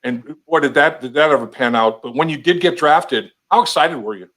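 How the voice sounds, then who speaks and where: A man's voice: fairly high pitch, a little fast, fairly bright tone. A man hosting a casual sports interview, enthusiastic and folksy, with stammering repeats. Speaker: interview show host.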